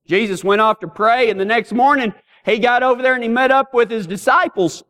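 High-voiced preacher telling folksy stories. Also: male voice, brisk. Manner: folksy, humorous, animated storytelling. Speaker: pastor. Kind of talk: storytelling sermon.

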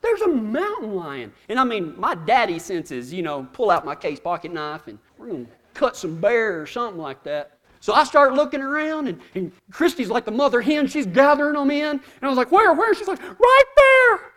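A man from Texas with a drawl preaching a sermon, telling folksy stories and swinging from hushed asides to shouts. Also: high voice, animated, a little fast, hardly any pauses. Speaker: pastor.

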